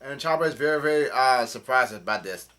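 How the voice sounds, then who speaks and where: A man's voice: mid-range voice, expressive, fairly quick, bright, forceful tone. A man casually recapping a comic chapter, rambling with many fillers and restarts. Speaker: channel host.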